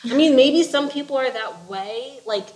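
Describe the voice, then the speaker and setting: A woman's voice: sits high, moderate pace, crowd noise, low-quality recording. A woman co-hosting a casual book discussion, chatty and blunt, with lots of "like". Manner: chatty, full of "like", blunt opinions. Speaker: podcast co-host discussing a book. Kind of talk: casual chat.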